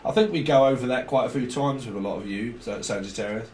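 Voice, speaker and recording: A man with a medium-pitched, somewhat dark voice talks quickly while giving a rambling tarot reading. He chats casually, drops the occasional swear word, and acts out little bits of dialogue. The recording has an echoey room and faint background noise.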